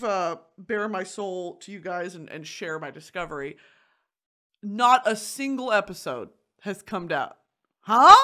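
Young adult female podcast host, lively pitch, loud crude comic delivery. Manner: loud, crude and animated, with bursts of shouting and laughter. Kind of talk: casual comedic podcast rant.

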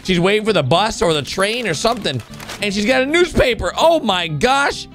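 A young man hosting a reaction video, commenting excitedly on cartoons, shouting and gasping at the surprises and talking straight to his viewers. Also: high-pitched, normal speed, soft background music.

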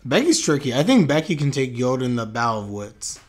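A man's voice: mid-range voice, very animated, fairly quick. A man reacting live to an anime episode on his stream, chatty and openly emotional.

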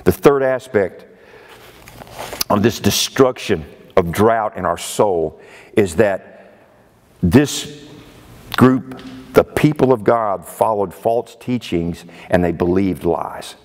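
A man's voice: lowish voice, lively intonation, slow pace, pauses often, darkish tone, in a large hall. A male preacher delivering a sermon in an emphatic way, often exclaiming in disbelief. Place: church sanctuary.

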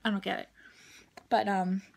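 A woman's voice: mid-range voice, little pitch movement, normal speed, creaky, a little mellow. A young adult woman talking straight to camera in a casual vlog, venting bluntly and swearing freely about her day. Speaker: vlogger.

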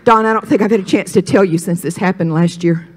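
A woman from Mississippi, a pastor's wife telling her testimony on a talk show, animated and dropping to hushed whispers for emphasis. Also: mid-range voice, fast. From Mississippi, USA.

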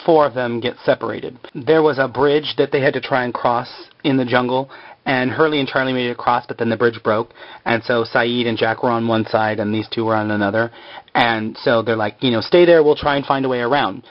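A man's voice: medium pitch, flat delivery, a little fast, muffled recording. A man casually retelling a TV episode in a rambling, filler-heavy way. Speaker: show recapper.

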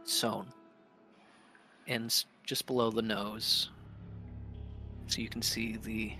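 A man narrating as game master of a tabletop game, in a hushed, measured way. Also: on the low side, level tone, faint music behind.

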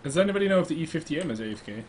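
A man playing a tank game with friends, loud and excited, laughing often and swearing freely. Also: on the high side, rapid-fire. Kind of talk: excited gaming voice chat.

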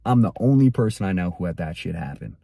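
Husky young man giving blunt advice. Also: sits low, big pitch swings, fast, dark tone. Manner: blunt, slangy storytelling, addresses viewer as dude. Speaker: motivational content creator. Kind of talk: motivational monologue.

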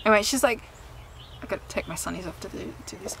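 A woman's voice: medium pitch, fast, creaky, background noise. A young woman chatting candidly to camera outdoors in a vlog, laughing often and swearing casually. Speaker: vlogger and singer. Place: outdoors in sunshine.

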